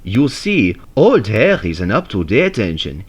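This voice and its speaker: A man reading a storybook aloud, voicing a wise old male mountain engine who talks calmly with dry teasing. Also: lowish voice, measured pace, husky, full character voice.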